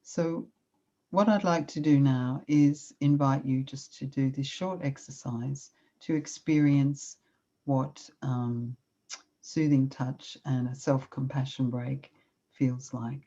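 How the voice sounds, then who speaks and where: A calm middle-aged woman with a low, mellow voice, speaking unhurriedly as she leads a gentle self-compassion exercise. The recording is slightly dull and lo-fi. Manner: calm, warm, unhurried, with soft guiding instructions. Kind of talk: gentle talk with guided meditation.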